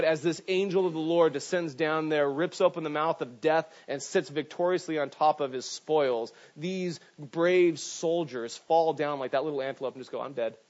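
Animated male preacher, lo-fi sound. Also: on the high side. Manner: animated storytelling with frequent "right?" asides. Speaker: pastor. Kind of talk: sermon. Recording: dull lo-fi sound.

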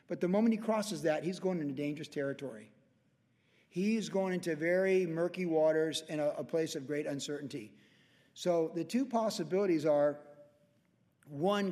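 A man's voice: fairly high pitch, darkish tone, in a large hall. A man preaching a verse-by-verse Bible teaching in a conversational way, often acting out the voices he quotes. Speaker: pastor.

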